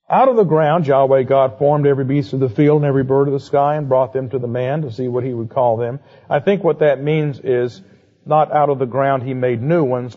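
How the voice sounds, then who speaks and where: A man giving a conversational Bible lecture, asking quick rhetorical questions and adding playful asides. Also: medium pitch. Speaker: Bible teacher. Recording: dull lo-fi recording.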